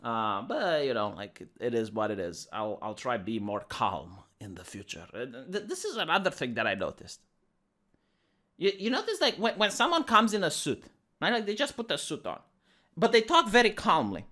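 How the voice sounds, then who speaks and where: Squeaky romanian guy ranting on his vlog, pitch bouncing all over, bright voice. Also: normal speed. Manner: animated, gesticulating. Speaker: vlogger. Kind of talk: ranting commentary.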